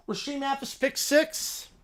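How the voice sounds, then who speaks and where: A man's voice: very high-pitched, a bit bright. Chatty man hosting a livestream. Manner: chatty, reacting aloud and thanking donors. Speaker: livestream host. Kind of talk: casual livestream reaction commentary.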